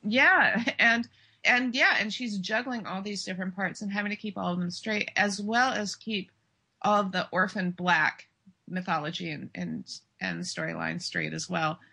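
Woman, casual TV review chat, bright and husky, emphatic, chatty. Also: mid-range voice, normal speed. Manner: chatty, emphatic, laughs often. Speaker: podcast co-host and TV blogger.

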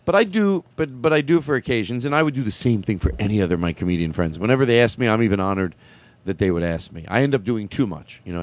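A man's voice: on the low side, fast talker. Rambling, stammering male podcast host. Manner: rambling, stammering, laughs often. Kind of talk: casual chat.

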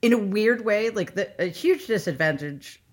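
A woman psychologist on a casual panel chat, candid and laughing often, with halting restarts. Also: medium pitch, animated. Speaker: psychologist guest.

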